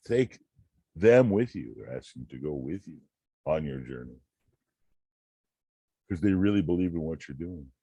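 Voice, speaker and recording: A man hosting a channel, reading self-help quotes and musing aloud in a slow, rambling way, often repeating words. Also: rumbling low, warm tone, husky, no room sound. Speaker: channel host.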